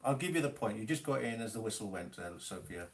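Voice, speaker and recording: Lively man hosting a music quiz. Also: on the low side, quick pace. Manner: teasing, strict about spelling and rules. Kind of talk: live-streamed quiz hosting.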